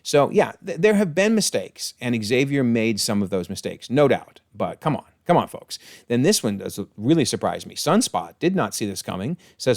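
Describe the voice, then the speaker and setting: A man's voice: medium pitch, big pitch swings, moderate pace, creaky, few pauses, darkish tone, dry recording, clean studio sound. A man giving a casual, enthusiastic episode breakdown, chatty with frequent exclamations and chuckles. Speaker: TV episode reviewer.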